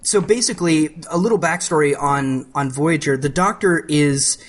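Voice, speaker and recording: A man's voice: fairly high pitch, normal speed. A man co-hosting a podcast in casual chat, rambling and often restarting his phrases. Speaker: podcast co-host.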